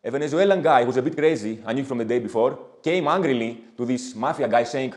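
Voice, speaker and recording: A man's voice: medium pitch, quick pace, hardly any pauses, a little mellow. A man from Greece, an English speaker, telling a story in an interview and vividly acting out the people he quotes. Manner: vivid, acts out quoted speech. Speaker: travel companion telling a story.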